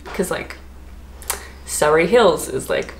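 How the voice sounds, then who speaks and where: Speaking slowly in a low, animated voice, an Australian woman vlogs about travel, chatting casually to camera. She's giggly and keeps dropping "like" as filler, and the room echoes noticeably.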